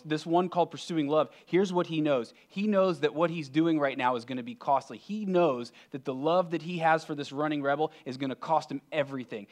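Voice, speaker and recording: A man preaching a sermon as pastor, earnest, swinging between emphatic and hushed delivery. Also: a little high.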